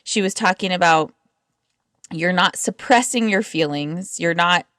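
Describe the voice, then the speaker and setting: A woman's voice: lowish voice, normal speed, fairly bright tone, no echo, studio quality. Earnest, reflective woman co-host. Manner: earnest and reflective, with many fillers. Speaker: podcast co-host. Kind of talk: casual faith podcast chat. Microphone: recorded over a computer call.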